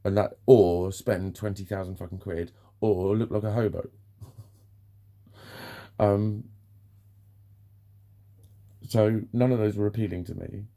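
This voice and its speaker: A man's voice: lowish voice, fairly even intonation, slow pace, long pauses, warm tone. A man in a candid vlog monologue, frank and ranting, swearing often as he vents. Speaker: vlogger.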